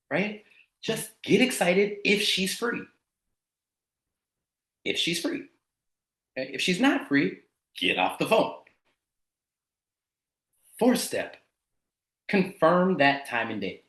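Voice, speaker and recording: A man leading a sales team training over a video call, energetic and slangy. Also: high-pitched, slow pace, long pauses, roomy sound.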